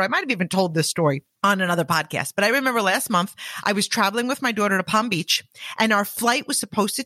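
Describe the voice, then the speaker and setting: Lively, bright-voiced woman podcast host. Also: fairly high pitch, no room sound, clean studio sound. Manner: upbeat, animated, addresses listeners as "you guys". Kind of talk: motivational podcast monologue.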